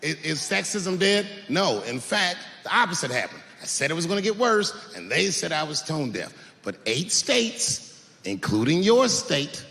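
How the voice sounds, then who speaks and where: Lively, slow-drawling stand-up man. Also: a little high, vocal fry. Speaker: stand-up comedian. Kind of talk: stand-up comedy routine. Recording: reverberant venue recording with faint background noise.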